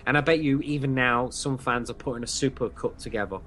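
A man's voice: mid-range voice, quick pace, a bit bright, a little hiss or hum. A man co-hosting a fan podcast, chatting enthusiastically, repeating himself with plenty of fillers. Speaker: podcast co-host. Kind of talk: casual podcast chat.

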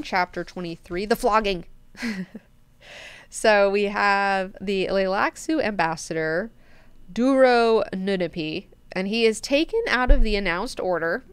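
A woman hosting a book club in a chatty, animated way with plenty of swearing. Her voice sounds very crisp and clear. The recording is dry and close. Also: mid-range voice, slow pace, no echo. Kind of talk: casual book discussion.

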